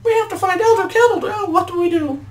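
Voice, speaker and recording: A man voicing a panicked young male cup boy in a panting, squeaky falsetto. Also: fast, far from the mic. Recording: roomy echo, faint background noise.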